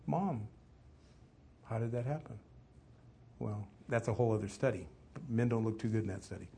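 A man preaching a sermon, reading scripture aloud and asking the listeners questions, swinging from loud emphasis to hushed asides. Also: on the low side, moderate pace, vocal fry, a little hiss or hum. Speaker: pastor.

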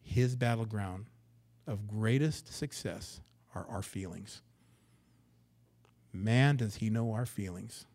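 A man preaching a sermon in a church, swinging from loud, emphatic lines down to hushed, low asides. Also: slow, vocal fry, long pauses. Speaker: pastor. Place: church sanctuary.

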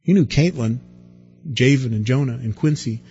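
A man preaching a sermon, lively and dramatic, acting out the people he quotes with big swings in his voice. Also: medium pitch, moderate pace, dull audio, faint music behind. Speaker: pastor.

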